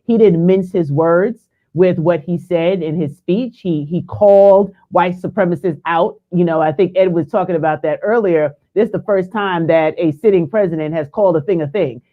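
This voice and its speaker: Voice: mid-range voice, normal speed. A panelist on a casual political talk show who speaks with enthusiasm and emphasis. The voice comes through a tinny, phone-like line.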